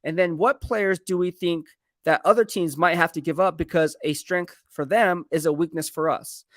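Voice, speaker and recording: A sports beat writer discusses team moves on a casual live stream, rambling conversationally, correcting himself, and reading viewer comments aloud. His voice is on the high side and a bit bright, at a moderate pace, in a studio-quality recording with no echo.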